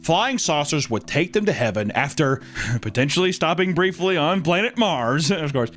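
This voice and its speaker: A man hosting a podcast, telling a true story in a jokey, animated way with frequent laughs. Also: fairly high pitch. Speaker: podcast host. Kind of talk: comedic storytelling.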